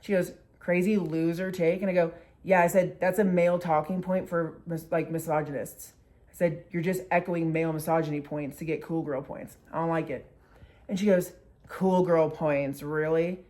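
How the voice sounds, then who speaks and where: A woman in her twenties, a vlogger casually retelling a story with lively acted quotes and lots of "like". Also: sits low, brisk.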